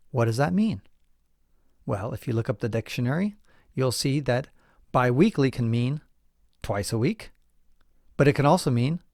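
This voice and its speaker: A man's voice: medium pitch, vocal fry, a little mellow, dry recording, studio quality. A middle-aged man hosting a podcast, explaining points in a casual, emphatic way, asking listeners questions and chuckling now and then. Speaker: podcast host.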